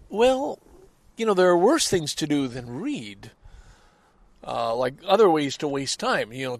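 Excitable rambling man. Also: creaky. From Canada. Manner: excitable, rambling, high-pitched when anxious. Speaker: vlogger. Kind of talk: casual monologue.

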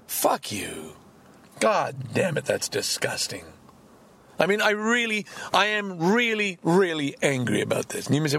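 A man's voice: a little high, big pitch swings, unhurried, vocal fry, a bit bright, a little hiss or hum. A man hosting a podcast, ranting angrily and profanely with heavy emphasis. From Canada. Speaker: podcast host. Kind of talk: solo podcast rant.

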